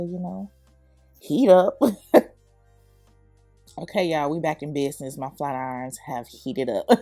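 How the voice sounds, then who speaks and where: A young woman, chatty and quick to laugh, talks the viewer through a hairstyle. Her voice sits a little low, with a gravelly edge and a warm, mellow tone. Soft music plays under her. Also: no echo. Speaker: hair tutorial vlogger. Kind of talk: casual chatty voice-over tutorial.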